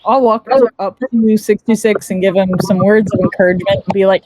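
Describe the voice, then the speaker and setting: A woman's voice: mid-range voice, fairly even intonation, fairly quick, few pauses, a little mellow. A woman taking part in a tabletop role-playing game, describing her character's actions in a chatty, casual way and laughing often. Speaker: player.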